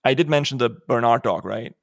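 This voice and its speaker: A man's voice: medium pitch, fairly quick, creaky, dry recording, studio quality. A man hosting a podcast and talking about his own writing in a casual, joking way, swearing now and then. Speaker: podcast host and author.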